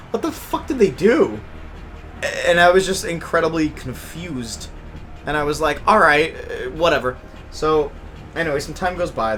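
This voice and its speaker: A young man telling a story in casual chat, animated and profane, swinging from low mutters to loud outbursts. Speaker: podcast host.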